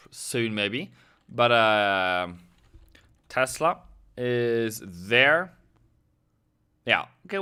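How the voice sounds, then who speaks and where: A man's voice: mid-range voice, bright, forceful tone, smooth. Chatty man streaming live trades. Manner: chatty, rambling, talks to viewers by name. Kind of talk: casual live-stream commentary.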